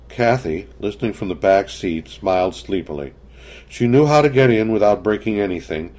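A man narrating a story in a measured, scripted reading. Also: lowish voice, animated, darkish tone.

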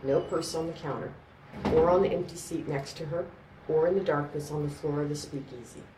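Low-voiced woman narrator, measured storytelling; distant mic, roomy. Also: steady tone, background noise. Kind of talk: scripted narration.

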